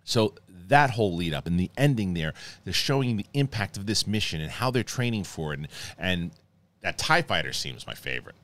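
A man hosting a casual spoiler review, talking excitably and rambling with many restarts. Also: sits low, a little fast. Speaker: host reviewing a TV episode.

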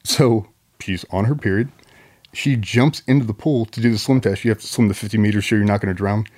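A man's voice: fairly low pitch, fairly quick, darkish tone. A man, a former Navy SEAL guest on a podcast, telling a long story in a rambling, profane, casual way.

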